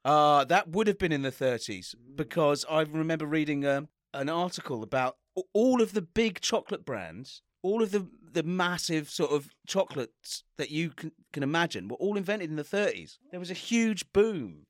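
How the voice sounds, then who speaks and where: A man's voice: a little high, expressive, normal speed, few pauses, no echo, clean studio sound. A man on a comedy podcast, rambling animatedly through ideas. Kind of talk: casual comedy banter.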